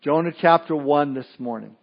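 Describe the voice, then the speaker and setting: A man's voice: fairly high pitch, moderate pace. A man preaching a sermon as pastor, folksy with joking asides and prayer. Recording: dull lo-fi sermon recording.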